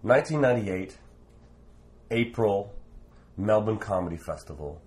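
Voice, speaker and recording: Lower-voiced man telling a street story. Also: measured pace. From Canada. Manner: rambling, animated anecdote with fillers. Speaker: former street performer. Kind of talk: storytelling in conversation.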